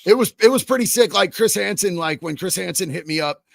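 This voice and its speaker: A man hosting a casual livestream, reading viewer comments and swearing freely in a loud, excitable way. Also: high-pitched, a little fast, vocal fry, dry recording, studio quality. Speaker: streamer host.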